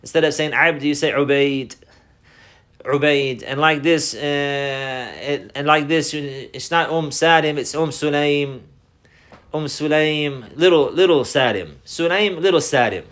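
Male religious teacher, a touch high in pitch; deliberate, repeats lines, sprinkles Arabic phrases. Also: a bit bright. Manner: repeats key phrases, deliberate explanatory delivery; mixes Arabic phrases into English. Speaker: Islamic teacher. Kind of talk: religious lesson.

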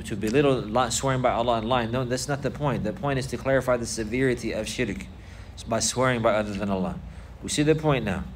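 A man giving a religious lesson, explaining points slowly and repeating key phrases for emphasis. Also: mid-range voice, a little hiss or hum. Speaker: Islamic teacher.

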